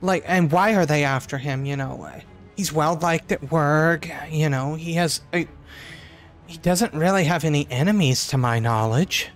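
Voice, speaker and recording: A man narrating as storyteller in a tabletop horror game, speaking in a measured way with pauses. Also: fairly high pitch, faint music behind.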